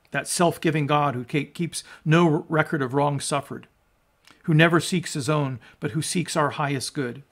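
A man's voice: fairly high pitch, a bit bright. A man preaching a sermon as a pastor, emphatic and conversational, asking his listeners rhetorical questions. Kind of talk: sermon on scripture.

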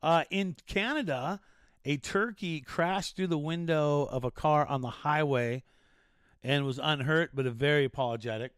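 A man's voice: fairly high pitch, moderate pace, clean tone, no room sound, clean studio sound. A man hosting a casual show, joking and rambling through odd news stories with restarts. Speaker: show host.

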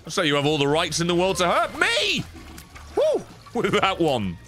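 With a high voice at normal speed, a male streamer gives playful, heavily profane commentary on a video game. The game's music can be heard behind him.

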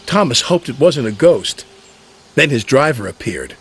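A man's voice: medium pitch, moderate pace. A man narrating a children's railway story. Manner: lively storytelling. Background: music.

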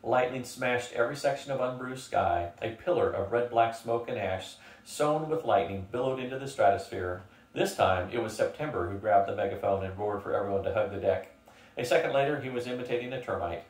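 An older man reads a novel aloud as a steady storyteller, his voice at an ordinary male pitch. The room rings noticeably, and he sits some way from the mic. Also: a little fast. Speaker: reader. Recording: roomy, from a distance.

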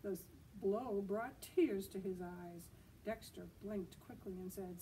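A woman librarian reading a picture book at a children's storytime, gently asking her listeners questions as she goes. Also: medium pitch, slow, recorded from a distance, slight background noise, rough recording. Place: outdoors.

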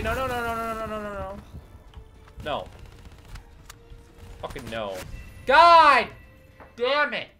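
A man's voice: very high-pitched, wildly swooping pitch, takes it slowly, long pauses, faint music behind. A man doing let's play commentary, swearing and complaining at the game as he plays. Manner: profane, exasperated, yelling at the game. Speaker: gaming YouTuber.

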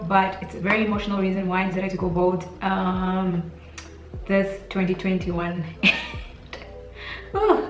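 Emotional Namibian woman in a roomy echo. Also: medium pitch. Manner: rambling, heavy with "like" and "literally". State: emotional, close to tears. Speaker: beauty vlogger. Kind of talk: intimate heart-to-heart talk to camera. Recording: roomy echo, distant mic, faint music.

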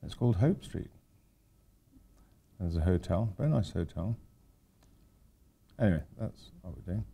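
A man's voice: sits low, animated, a little slow, vocal fry, pauses often, mellow, slightly rough. An older man giving an informal architecture lecture to students, rambling with wry, self-deprecating asides. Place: lecture hall at a university.

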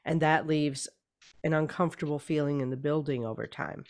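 A woman author talking in a casual interview, hoarse and losing her voice, often clearing her throat and repeating words as she thinks. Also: low voice, fairly even intonation, a little fast, a little mellow. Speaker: author guest.

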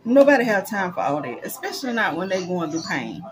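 A young adult woman vlogs straight to her viewers in a casual chat, speaking quickly and expressively. She swings between excitement and a lower, drained tone.

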